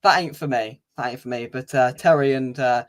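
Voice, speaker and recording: Brisk and mid-range in voice, this young man previews a match for a football fan channel. His delivery is loose, chatty and wry, peppered heavily with "uh."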